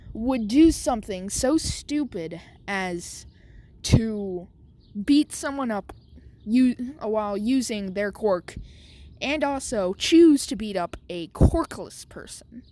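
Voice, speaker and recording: A woman casually narrates a made-up fan story, rambling with fillers and restarts. She speaks slowly in a fairly high voice with lively swings in pitch.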